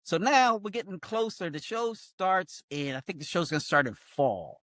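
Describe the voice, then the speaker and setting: An older male comedian telling a lively, self-mocking story in casual chat. He acts out quoted voices and fills gaps with "blah, blah, blah". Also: high-pitched, moderate pace, dry recording, clean studio sound. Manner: wry, self-mocking humor. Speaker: comedian guest.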